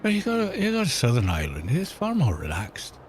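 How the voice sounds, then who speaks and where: A man's voice: medium pitch, huge pitch swings, brisk, a little hiss or hum. A middle-aged man with a London accent, chatting in a rambling way with viewers while he streams a game. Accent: London English. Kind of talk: casual chat while gaming.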